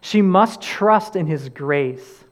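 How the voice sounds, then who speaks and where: A man's voice: fairly high pitch, animated, slow. A man preaching a sermon as pastor, earnest, repeating key phrases and rising and falling for emphasis.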